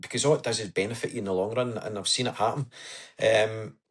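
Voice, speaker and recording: Husky man, earnest storyteller. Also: fairly low pitch, steady tone, fast. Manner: earnest, storytelling, says "aye" and "wee" often. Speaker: podcast guest. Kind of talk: casual interview chat.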